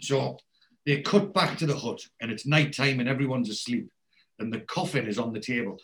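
A man's voice: medium pitch, normal speed, a bit bright. A man hosting a casual podcast, retelling television scenes in a chatty storytelling way. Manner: chatty storyteller who acts out quoted lines. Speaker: podcast host recapping a TV series.

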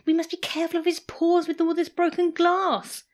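A woman's voice: very high voice, monotone, moderate pace, voice pushed up. A woman voicing a gushing, affectionate young woman in a storybook reading.

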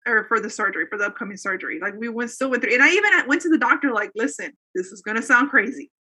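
Earnest, bright-voiced woman telling her story. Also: on the high side, lively intonation, rapid-fire, slightly rough. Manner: earnest, rambling, with many fillers and restarts. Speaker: guest telling a faith testimony. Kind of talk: casual conversational storytelling.

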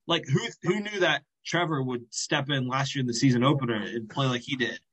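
A man co-hosting a podcast, working through his football points in a measured way. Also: mid-range voice, fairly bright tone, a little hiss or hum, poor audio. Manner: measured, reasoning, with restarts. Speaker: podcast co-host. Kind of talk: casual sports chat.

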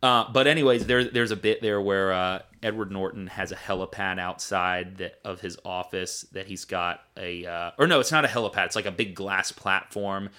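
A man's voice: sits low, moderate pace, hardly any pauses, pushed and bright. A man co-hosting a casual podcast chat, talking enthusiastically and rambling with fillers. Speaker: podcast co-host reviewing a film.

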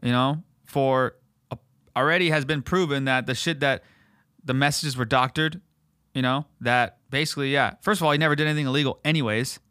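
A man hosting a podcast, ranting in a profane, fired-up casual way, often calling the listener dude, his voice jumping higher and louder when he gets worked up. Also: steady tone, a little fast, clear, resonant tone, no echo, clean studio sound. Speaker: podcast host. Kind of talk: heated casual rant.

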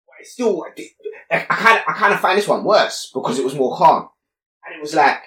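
A young man, co-hosting a podcast and telling stories in animated slang. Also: on the high side, brisk. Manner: animated slang-heavy storytelling, repeats "exactly". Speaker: podcast co-host. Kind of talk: casual chat. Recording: echoey room, voice a bit off-mic.

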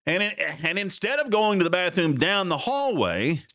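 A man's voice: sits high, very animated, normal speed, a bit bright, no echo, clean studio sound. A man, hosting a podcast and telling a rambling personal story in a self-deprecating, chuckling way. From Oklahoma. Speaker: podcast host.

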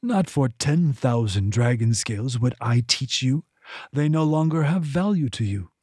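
A man's voice: medium pitch, animated, measured pace, a little mellow, husky, dry recording, studio quality. A man reading an audiobook, voicing a sly, mocking clawed male demon who strikes bargains.

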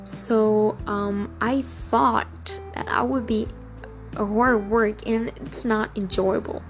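A young woman hosting a casual solo podcast, talking haltingly with many fillers and restarts. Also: mid-range voice, fairly even intonation, soft background music. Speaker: podcast host.

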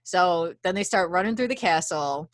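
Lowish-voiced woman recapping a movie. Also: moderate pace, dry recording. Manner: laughing, animated recapping. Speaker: podcast co-host. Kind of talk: casual movie recap chat.

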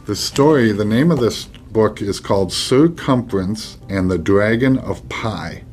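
A man's voice: on the low side, expressive, a little slow, darkish tone, faint music behind. A man hosting a podcast, reading a children's storybook aloud with chatty, joking asides.

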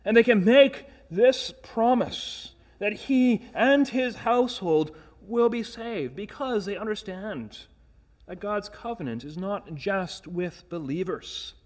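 Pastor, male, fairly high voice, earnest emphatic sermon delivery with rhetorical questions. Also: slow.

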